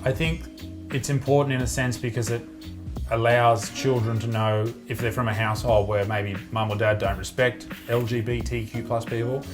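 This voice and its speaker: A man's voice: mid-range voice, little pitch movement, moderate pace, music in the background. A young Australian man doing comedic commentary, sarcastic and profane as he mocks what he reads. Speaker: comedian reviewing social media posts.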